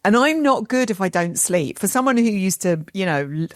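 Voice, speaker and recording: A middle-aged woman co-hosting a podcast, chatting casually in a rambling way with quick asides. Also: medium pitch, animated, dry recording, studio quality. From England. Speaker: podcast co-host. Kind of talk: casual chat.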